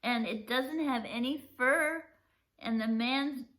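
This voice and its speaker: Woman reading as a young boy, excited, shouting high, storybook. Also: takes it slowly.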